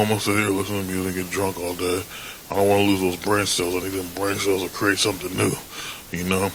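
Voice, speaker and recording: A man talks in a lowish voice, rambling through a solo podcast monologue. He is blunt and swears freely, with a faint hiss under the recording. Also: fairly bright tone, poor audio. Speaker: podcast host. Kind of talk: casual monologue.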